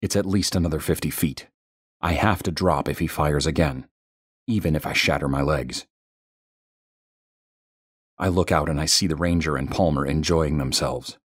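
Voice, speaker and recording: A man narrating a first-person horror story in a tense, measured way. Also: a bass voice, slightly rough, no echo, clean studio sound.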